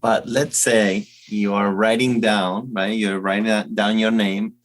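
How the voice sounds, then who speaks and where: A man's voice: on the low side, level tone, slow pace. A man from Argentina, a native Spanish speaker with an Argentine accent, asks questions about English in a casual chat, restating them as he goes. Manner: inquisitive, repeats himself to frame questions. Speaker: co-host and English learner.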